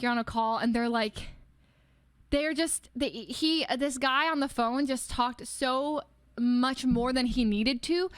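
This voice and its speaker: A young woman livestreamer in her twenties telling a story in casual, rambling chat, full of "like" and quick laughs. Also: on the high side.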